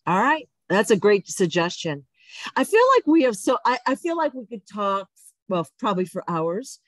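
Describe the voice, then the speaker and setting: A woman's voice: mid-range voice, sing-song, normal speed, no echo. A woman hosting a casual spiritual interview, supportive and affirming her guest often. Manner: supportive, frequent affirming backchannels. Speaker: host.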